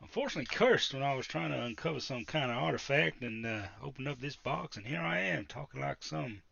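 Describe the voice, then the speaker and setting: Crude cursed adventurer with a strange accent, bright and gravelly, voiced by a man. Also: mid-range voice, animated, brisk, dry recording, lo-fi sound, heavily acted. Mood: wry.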